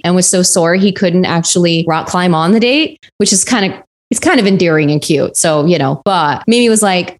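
Lowish-voiced woman podcasting, casual and sweary, chatty retelling. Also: fairly quick. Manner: chatty, irreverent, swears freely. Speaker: podcast co-host. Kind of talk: casual true-crime chat.

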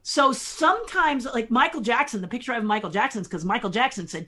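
A middle-aged woman, a podcast guest, telling lively anecdotes and laughing often as she talks. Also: on the high side, fast talker, hardly any pauses, breathy edge. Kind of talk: storytelling chat.

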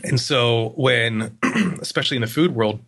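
A man in a casual interview, telling stories in a rambling, animated way with lots of fillers. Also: mid-range voice, normal speed. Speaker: agency guest.

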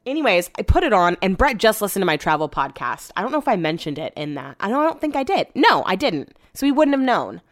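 A woman's voice: mid-range voice, sing-song, quick pace, few pauses, no room sound, clean studio sound. A young woman podcasting in a casual, rambling chat, retelling her day with exasperation.

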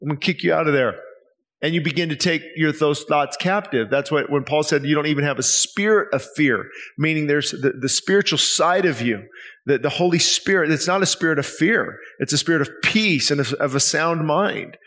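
Male pastor, slightly high voice, earnest and pleading sermon delivery, lots of rhetorical questions. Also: normal speed, pushed and bright. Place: church service.

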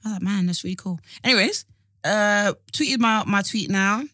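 A young woman with an Essex accent telling an animated story in casual chat, swearing and acting out what people said. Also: medium pitch, moderate pace, no echo, clean studio sound. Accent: Essex English. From Essex, England. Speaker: guest.

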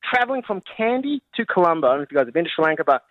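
A man, a podcast guest telling a story in a lively, animated way and laughing as he goes, on a slightly dull recording. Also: a little high, racing, dry recording. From Australia. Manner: animated, laughs while telling, acts out family members. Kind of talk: casual podcast anecdote.

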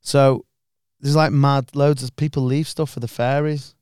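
A man's voice: mid-range voice, steady tone, unhurried, darkish tone, smooth, no echo, studio quality. A man co-hosting a podcast, telling a story casually, swearing and acting out what other people said. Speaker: podcast co-host. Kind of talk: casual chat.

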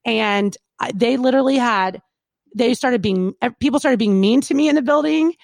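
A woman in her thirties who works as a radio personality, talking in a casual interview. Her voice sits a little high and is recorded close and dry. She speaks in an animated, chatty way, full of fillers and quoted asides. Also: normal speed, creaky, no echo.

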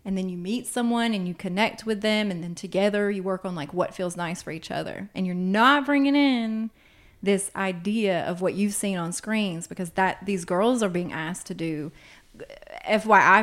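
A woman's voice: mid-range voice, normal speed. A woman who counsels teens, talking frankly and with animation in casual podcast chat, with laughing asides.

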